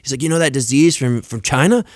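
A man's voice: mid-range voice, fast, no room sound, clean studio sound. A young man in casual podcast chat, telling stories animatedly, swearing and acting out quoted lines. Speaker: podcast guest.

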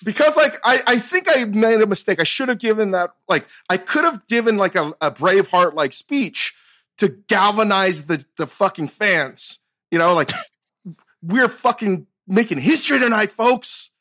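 Animated high-voiced man telling stories. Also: moderate pace. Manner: animated storytelling with loud acted-out quotes and frequent laughs. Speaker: podcast host. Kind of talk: casual chat.

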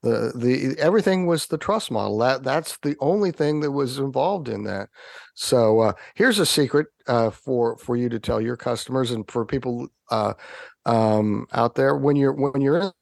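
A man from the United States, a podcast guest, telling animated, wry anecdotes in an interview. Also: mid-range voice, moderate pace, gravelly, dry recording, clean studio sound.

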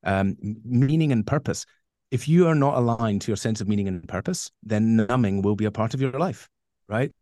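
A man's voice: lowish voice, normal speed, dark tone, no room sound, clean studio sound. A man answering interview questions as a coach, emphatic and rambling, with many fillers and restarts. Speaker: guest coach.

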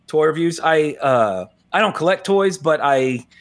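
A man's voice: on the high side, expressive, measured pace. Rambling, chuckling male podcast host. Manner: rambling, chuckles often, many restarts. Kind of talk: casual podcast chat.

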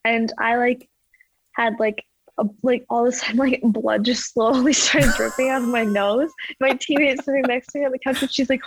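A woman's voice: fairly high pitch, fairly even intonation, fairly quick, poor audio. A young woman athlete telling stories in a casual interview, rambling with lots of "like" and laughing as she goes. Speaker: ski jumper guest.

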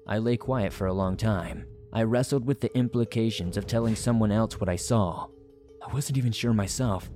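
Guy reading scary stories, low voice, suspenseful, faint music under it. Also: moderate pace, warm tone. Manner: dramatic, suspenseful storytelling. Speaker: horror story narrator. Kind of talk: scripted horror narration.

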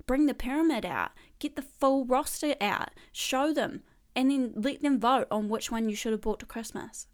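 A woman's voice: on the high side, fairly bright tone. A young woman hosting a podcast, chatting through a comedic column with rambling, laughing asides. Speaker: podcast host reading her column. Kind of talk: casual comedic monologue.

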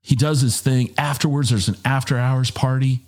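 A middle-aged man telling a long anecdote in a casual, animated way, jumping up in pitch when he quotes people. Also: normal speed. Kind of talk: casual storytelling.

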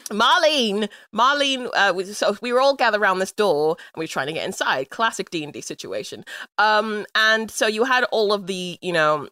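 A woman's voice: mid-range voice, expressive, a little fast, sharp tone, dry recording, studio quality. A woman from London co-hosting a podcast, telling a game story in a playful, giggly way. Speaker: podcast co-host. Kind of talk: casual chat, storytelling.

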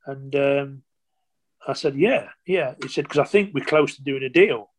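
Older male, ex-footballer guest; chatty, halting storyteller, acts out old conversations. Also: medium pitch. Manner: rambling anecdotes with many restarts and quoted dialogue. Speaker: former footballer. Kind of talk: interview storytelling.

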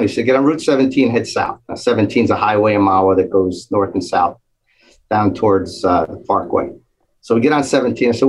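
A man with a low, slightly husky voice tells a long anecdote in relaxed conversation. He acts out the people in the story, jumping higher for their lines. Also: fairly quick, rough recording. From New Jersey. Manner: animated storyteller acting out quoted voices. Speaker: guest storyteller. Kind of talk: casual anecdote telling.

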